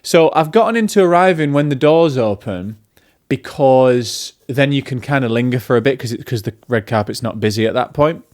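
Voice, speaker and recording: A man's voice: mid-range voice, expressive, moderate pace, a little mellow. A man, a film vlogger chatting casually and self-deprecatingly, drifting off on tangents. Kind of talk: casual chat.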